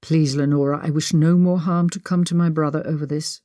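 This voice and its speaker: A woman's voice: low-pitched, steady tone, brisk, dark tone, no room sound, clean studio sound, natural voice. A woman voicing a remorseful nobleman who begs and apologizes, in a period audiobook. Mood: pleading. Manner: begging, apologetic. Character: remorseful nobleman, pleading brother.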